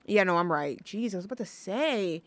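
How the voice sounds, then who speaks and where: A woman's voice: mid-range voice, animated, a little fast, fairly bright tone, dry recording. A young woman hosting a college radio show, chatting on her own in a rambling, gushing way full of fillers and restarts. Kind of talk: casual solo radio chat.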